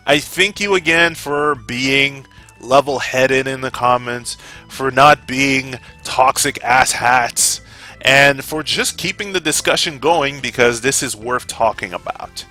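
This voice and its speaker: A man vlogging about gaming in a heated, profane rant that flares up, then calms into casual sign-offs. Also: medium pitch, unhurried, faint music behind. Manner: heated, profane, gets fired up. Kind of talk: opinion rant to camera.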